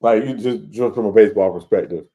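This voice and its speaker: A man co-hosting a sports podcast, explaining baseball in a measured, casual way. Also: on the low side, warm tone. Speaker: podcast co-host.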